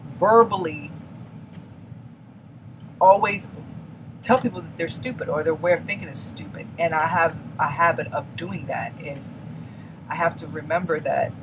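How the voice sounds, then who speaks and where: A woman's voice: deep voice, unhurried, long pauses, noisy background. A woman talking candidly and bluntly to camera in a casual confessional chat, stressing her words now and then. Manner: candid, blunt, emphatic with laughs. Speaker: beauty vlogger.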